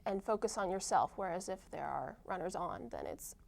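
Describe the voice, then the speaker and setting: A woman's voice: lowish voice, lively intonation, moderate pace, gravelly, darkish tone. Young woman answering with ums and restarts. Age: young adult. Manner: hesitant, many ums and restarts. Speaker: college softball player, guest. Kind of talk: casual interview answers.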